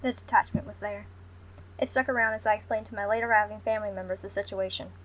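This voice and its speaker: A young adult woman reading a first-person story aloud in a measured, subdued way. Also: mid-range voice, steady tone, a bit bright, rough recording. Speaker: narrator.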